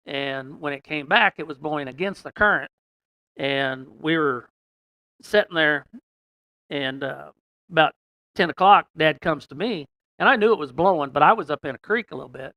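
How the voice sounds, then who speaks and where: A man's voice: on the high side, normal speed, pushed and bright, dry recording. Folksy rambling man, dry close sound. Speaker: podcast guest telling a story. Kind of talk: casual storytelling.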